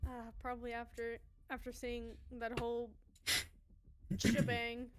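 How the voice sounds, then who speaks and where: A woman's voice: a little high, completely flat delivery, takes it slowly, background noise. A young woman playing a tabletop game, casual and hesitant as she thinks aloud. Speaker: player. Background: background music.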